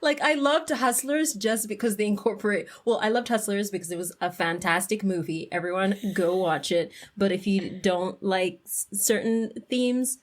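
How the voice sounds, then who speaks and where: A woman's voice: mid-range voice, moderate pace, hardly any pauses. A woman hosting a podcast, with a British accent touched by Zimbabwean speech, laughing often and wandering into tangents while she asks questions. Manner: giggly, warm teasing, rambling tangents. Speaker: podcast host. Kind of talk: casual interview.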